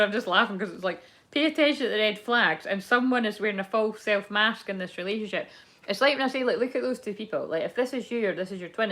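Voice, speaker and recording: A woman doing a relaxed tarot reading, with a voice pitched in the middle for a woman. She rambles and circles back on her thoughts, swearing without a second thought. It all sounds loose and unscripted. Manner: rambling, candid, swears and laughs often. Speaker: tarot card reader. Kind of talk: casual spoken tarot reading.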